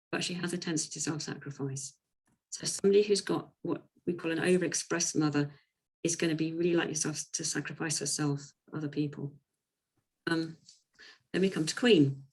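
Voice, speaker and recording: A woman's voice: sits low, rough recording. A woman coach giving a chatty, informal presentation talk, with frequent ums. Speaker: women's coach.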